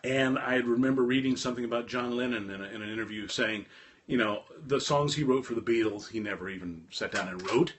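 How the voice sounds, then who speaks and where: A middle-aged man telling a rambling, animated personal story in a casual monologue to his viewers. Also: medium pitch, fairly quick. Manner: animated, rambling, with frequent restarts. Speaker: host of a live stream talk.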